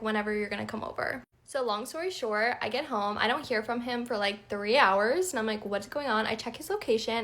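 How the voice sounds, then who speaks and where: A young woman with a slightly high voice tells a personal story in a chatty, conversational way. She sounds amused as she talks. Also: fairly bright tone. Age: young adult. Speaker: nursing student. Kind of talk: casual storytime.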